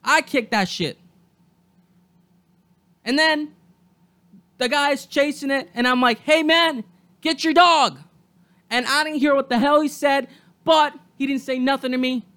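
High-voiced ranting podcast host. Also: steady tone, a little slow, pauses often. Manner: angry, profane ranting with shouted bursts. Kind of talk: solo podcast rant.

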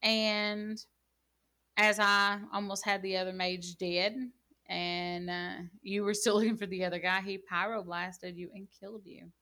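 A woman's voice: mid-range voice, flat delivery, measured pace, sharp tone. A woman in casual gaming chat, telling rambling stories full of "like" and "you know.". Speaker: gaming channel co-host.

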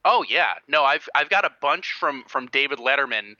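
A man hosting a podcast in casual chat, animated and rambling, with lots of restarts and laughter. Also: mid-range voice, normal speed, no echo, lo-fi sound. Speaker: podcast host.

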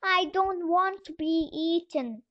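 A woman's voice: very high-pitched, expressive, takes it slowly, no echo, pitched above the performer's own voice, exaggerated voice. A woman voicing a frightened young girl who pleads timidly, in a storybook reading over a dull lo-fi recording. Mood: pleading. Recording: dull lo-fi voice message.

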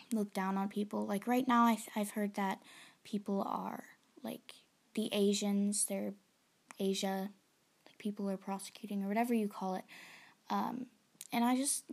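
A young woman, chatting into her phone for a casual solo podcast, rambling and self-conscious, often dropping to a whisper. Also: medium pitch. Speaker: podcast host.

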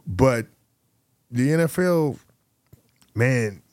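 A man's voice: medium pitch, drawn-out words, no echo, clean studio sound. A man, telling stories as an interview guest and acting out the voices of people in them. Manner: animated storyteller who acts out quotes. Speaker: guest, former pro football player. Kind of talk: casual interview storytelling.

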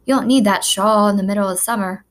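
Woman doing a weary, breathy old farmer man. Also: mid-range voice, fairly even intonation, fast talker, close to an everyday voice. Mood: sleepy grumbling. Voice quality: breathy, sighing half-whisper. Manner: groggy, grumbling. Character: weary, melancholy older farmer husband, half asleep.

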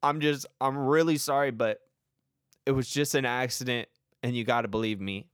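A man's voice: medium pitch, fairly even intonation, moderate pace, fairly bright tone, smooth, dry recording. Young male storyteller, rambling and self-mocking, comic monologue, dry mic. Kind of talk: comedic personal story.

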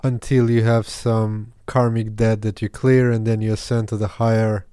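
Male podcast host, calm and even, flat delivery, dry close mic. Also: on the low side, normal speed, smooth, no room sound. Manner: calm, short affirmations. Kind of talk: casual interview questions.

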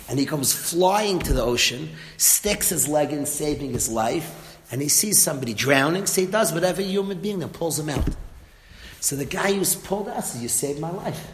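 Male Torah teacher, animated storyteller, high voice, long hall reverb. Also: a little hiss or hum. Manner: lively storytelling, acts out lines of the story.

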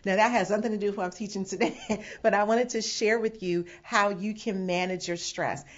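A woman's voice: mid-range voice, steady tone, a little fast. A woman pastor giving a sermon, teaching with emphatic quoted asides and bursts of laughter. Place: home setting away from the sanctuary. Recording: dull lo-fi sound.

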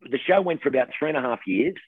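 A middle-aged Australian man, a television host, telling stories in a lively casual chat and laughing often. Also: medium pitch, quick pace, slightly rough, dry recording. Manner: animated storyteller, laughs often, says mate. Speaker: TV host guest. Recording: tinny phone line, dry.

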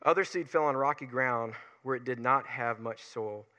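A man with a Southern US accent preaching a sermon in an energetic, folksy way, picking up speed as he gets fired up. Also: medium pitch, moderate pace, in a large hall. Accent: Southern US, Alabama Gulf Coast. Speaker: pastor.

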